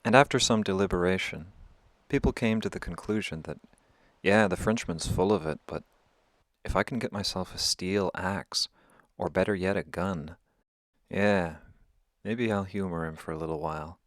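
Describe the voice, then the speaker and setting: Wry male storyteller, lowish voice, dry close sound. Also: moderate pace, no echo. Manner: wry, conversational. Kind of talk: oral storytelling.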